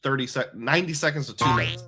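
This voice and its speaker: A man's voice: medium pitch, fast, sharp tone. A man hosting a live stream, chatting casually and rambling as he reads viewer comments aloud. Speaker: livestream host.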